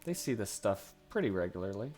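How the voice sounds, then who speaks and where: A man narrating as game master of a tabletop game, deliberate and with fillers. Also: lowish voice, sing-song, a little mellow, soft background music. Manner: slow, deliberate, uses fillers.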